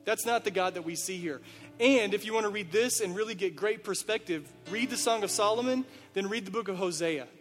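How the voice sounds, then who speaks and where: A man's voice: high voice, fairly quick. A man preaching a sermon as a pastor, speaking earnestly straight to his listeners with a run of rhetorical questions. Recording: reverberant hall with faint music.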